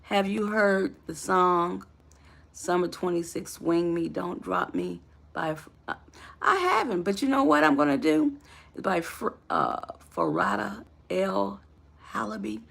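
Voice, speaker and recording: Gravelly, animated woman life coach. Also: medium pitch, unhurried. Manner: emphatic, calls listener honey and baby. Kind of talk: motivational talk to camera.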